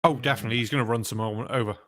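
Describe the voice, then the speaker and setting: A man's voice: medium pitch, fairly even intonation, rapid-fire, a bit bright. A man hosting a casual live-stream chat, laughing often and rambling loosely. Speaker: host.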